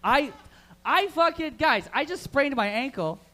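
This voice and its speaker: A man doing crude stand-up crowd work at an open mic, loud and hyped as he banters with the audience in a live comedy room. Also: extremely high pitch, expressive, measured pace.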